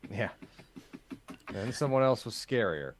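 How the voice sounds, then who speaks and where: A man playing a tabletop game, speaking in a relaxed, matter-of-fact way. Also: fairly low pitch, measured pace, no echo, poor audio. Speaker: player.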